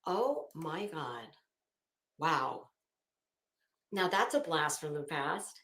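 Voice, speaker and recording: A woman's voice: mid-range voice, expressive, takes it slowly, long pauses, a bit bright, echoey room. A woman hosting a casual live stream, chatting with viewers by name and swearing freely. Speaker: live stream host reading chat.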